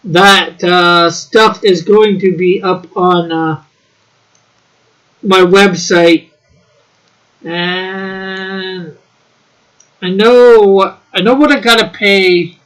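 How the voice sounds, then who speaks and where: A man hosting a casual livestream, rambling and halting as he answers viewer comments with fillers and laughs. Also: high-pitched, fairly even intonation, fairly bright tone, clean tone, rough recording. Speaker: livestream host.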